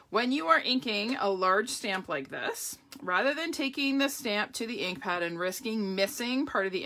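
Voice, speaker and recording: A woman's voice: mid-range voice, a bit bright, a little hiss or hum. A woman leading a live card-making demonstration, chatting to viewers with a catch in her throat. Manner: chatty, greets viewers by name. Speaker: papercraft demonstrator.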